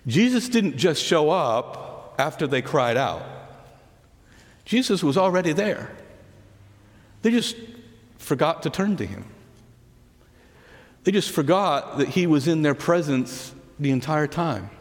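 A man preaching a sermon, telling the story earnestly and dropping to soft, hushed words on key lines. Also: fairly high pitch, lively intonation, slow, long pauses. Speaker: pastor. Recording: long hall reverb.

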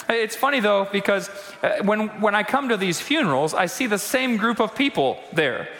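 A male pastor preaching a conversational sermon in a church, acting out quotes and slowing down for emphasis. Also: high voice, expressive, fairly bright tone, in a large hall. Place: church sanctuary.

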